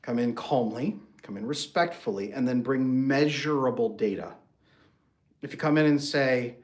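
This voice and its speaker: A man coaching on marriage, talking in a lively way and breaking into playful mock voices for his examples. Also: mid-range voice, normal speed. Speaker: relationship coach. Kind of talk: animated solo talk with acted-out examples.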